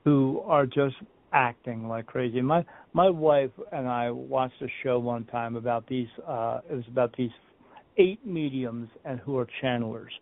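A man with a gravelly, fry-laced voice talks through a remote interview, drifting from point to point and playing out little scenes. The sound is narrow and tinny, like a phone call. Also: medium pitch, a little slow. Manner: rambling storyteller, repeats and restarts, acts out quotes. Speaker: medium, podcast guest. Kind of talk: casual interview talk.

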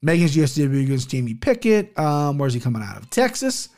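Man, somewhat high-pitched, casual solo podcast talk, swearing, rambling, tongue-tied on names. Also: very animated, fast talker, a little mellow. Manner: profane, rambling, stumbles over names. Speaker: podcast host.

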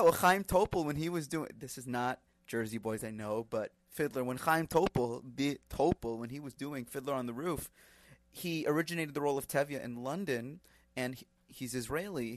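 A man's voice: a little high, no room sound. A man co-hosting a podcast over a video call, chatting casually, joking around and hyping things up. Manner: playful, jokey, hypes things up. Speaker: podcast co-host.

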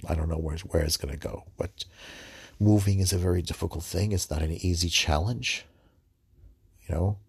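A man with a very low, gravelly voice gives a devotional talk and reads scripture. He speaks haltingly and earnestly, repeating himself. His tone is husky, recorded dry and close. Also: no room sound. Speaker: preacher. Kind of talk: devotional podcast reflection and scripture reading.

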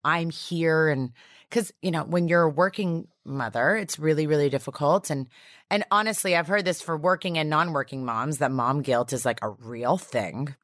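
A woman's voice: low-pitched, normal speed, a bit bright, dry recording, clean studio sound. A woman in her thirties chatting as a podcast guest, telling stories in a bubbly way with lots of fillers. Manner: bubbly storyteller, lots of likes. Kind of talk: casual chat.

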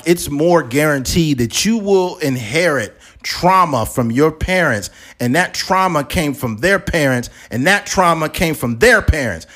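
Blunt, profane male podcast host. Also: on the high side. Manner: blunt, profane, animated storytelling. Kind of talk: casual podcast chat.

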